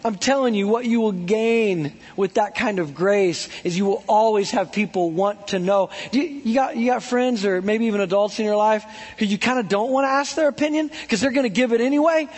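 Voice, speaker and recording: A male preacher with a high, slightly husky voice gives a loose, joking sermon, dropping "like" and "right?" into nearly every line. His words carry a long reverb tail from the large hall around him. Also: fairly quick, few pauses. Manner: chatty and joking, heavy with "like" and "right?". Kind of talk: casual animated sermon.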